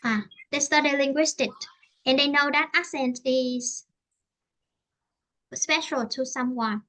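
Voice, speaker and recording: High, bright Vietnamese-accented woman teacher. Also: measured pace. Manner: hesitant, searching for words, many fillers. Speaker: English teacher. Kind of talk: online English lesson conversation.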